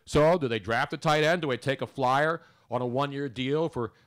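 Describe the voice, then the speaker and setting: A man's voice: medium pitch, normal speed. A man hosting a sports talk radio show, rambling and chatty in casual banter. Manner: rambling, chatty, talks over others.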